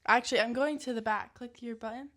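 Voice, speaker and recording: A woman's voice: a little high, fairly even intonation, quick pace, fairly bright tone. A young woman co-hosting a casual family podcast, chatty and hesitant, with many fillers. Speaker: podcast co-host.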